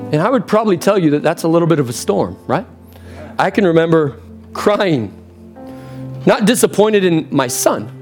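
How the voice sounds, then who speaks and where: A man in his thirties, a pastor preaching a sermon in church, impassioned, with big swings in pitch and pace. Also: a little mellow.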